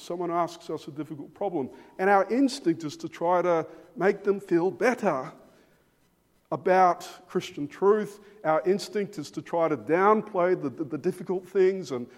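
A man preaching an expository sermon, emphatic and given to repeating words as he starts phrases. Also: a little high. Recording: long reverb of a large hall.

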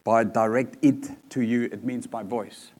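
A man's voice: mid-range voice, fairly even intonation, a little slow, a little mellow. A man preaching a sermon in an earnest manner, repeating key points for emphasis.

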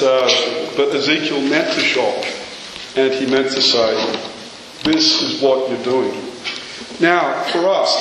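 An earnest preacher delivers his sermon, asking pointed rhetorical questions and pressing each point home with emphasis. His voice sits a little high for a man. It rings out through a large church hall with long echoes and a faint hiss behind it. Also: fairly bright tone.

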